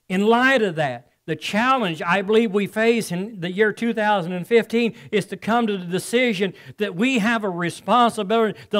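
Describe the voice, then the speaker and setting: A man's voice: high-pitched, a bit bright. A man preaching a sermon as pastor, telling stories and calling on the congregation for amens.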